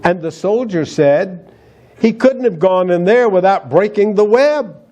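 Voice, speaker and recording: A man's voice: fairly high pitch, mellow. A man preaching a sermon as pastor, emphatic and asking the congregation rhetorical questions.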